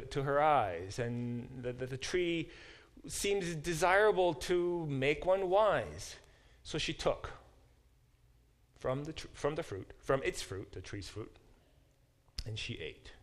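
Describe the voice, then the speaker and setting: A male professor teaching a Bible class, lecturing with many fillers and restarts and reading verses aloud. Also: medium pitch. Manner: reads verses aloud and explains them.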